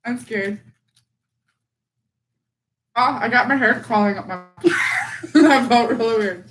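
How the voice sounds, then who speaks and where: A woman's voice: a little high, slow pace, a bit bright, rough recording. A woman guest in casual stream chat, giggly and nervous.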